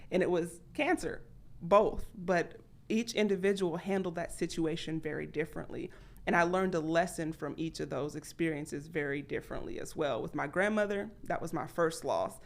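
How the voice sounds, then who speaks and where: Animated woman telling her story. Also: normal speed, gravelly. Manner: animated, acts out her own past thoughts with big pitch jumps. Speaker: podcast guest. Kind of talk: candid conversational storytelling.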